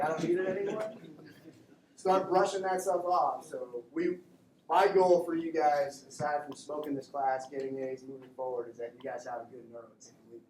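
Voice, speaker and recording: A man teaching a classroom lecture in a joking, conversational way, acting out quick exchanges with patients. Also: mid-range voice, distant mic, background noise. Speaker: instructor. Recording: echoey classroom recorded from afar.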